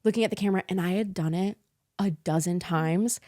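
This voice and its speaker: A young woman, an author guest, chatting casually on a podcast and telling stories with lively quoted voices and frequent laughs. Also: on the low side, fairly quick, no room sound, studio quality. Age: young adult. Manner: animated storytelling, acts out quoted voices, laughs often. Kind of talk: casual chat. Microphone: studio podcast mic.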